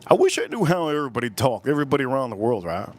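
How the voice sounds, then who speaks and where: Rapid-fire and animated, this live streamer keeps things casual, reading chat messages aloud and handing out shout-outs. He tends to repeat himself, lurching between loud bursts and quiet mutters.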